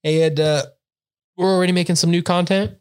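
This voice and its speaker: A man's voice: high-pitched, fairly even intonation, fairly quick, a little mellow, clear, resonant tone. A young man co-hosting a podcast, chatting casually and rambling with lots of fillers. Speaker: podcast co-host. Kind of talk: casual chat.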